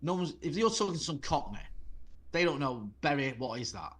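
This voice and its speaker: A Mancunian man in his forties, a guest and former reporter, telling rambling, animated stories in casual chat. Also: fairly high pitch, fairly quick. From Greater Manchester.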